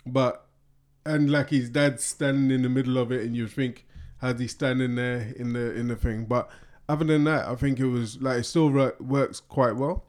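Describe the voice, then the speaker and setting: A man talks films in a loose, rambling way, circling back and restarting his thoughts as he goes. He laughs easily and sounds relaxed and unscripted, with a mid-range voice. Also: mid-range voice, normal speed, hardly any pauses. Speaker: podcast co-host. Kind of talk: casual film review chat.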